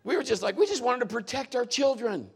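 A middle-aged man preaching a sermon as a pastor, telling stories in an animated way with big swings in his voice. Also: brisk, vocal fry, husky. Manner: animated storytelling with lively swings in pitch.

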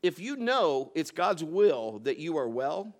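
Male preacher, higher voice, storytelling sermon, punchy loud bursts dropping into soft asides. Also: very animated, measured pace. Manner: storytelling, swinging between loud emphatic bursts and quiet low asides.

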